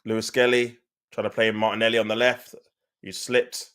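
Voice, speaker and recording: A man's voice: fairly low pitch, little pitch movement, moderate pace, a bit bright, smooth. A man hosting a live stream, giving casual, slang-heavy fan commentary on a match and getting exasperated at the play. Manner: slangy, talks to viewers, gets exasperated at play.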